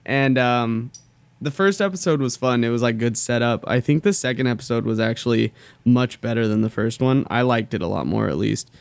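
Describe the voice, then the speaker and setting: Young man, blunt, swearing, mid pitch, dry close recording. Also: fairly quick, vocal fry, no echo. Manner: blunt, swears, laughs while talking. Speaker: podcast co-host. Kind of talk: casual chat.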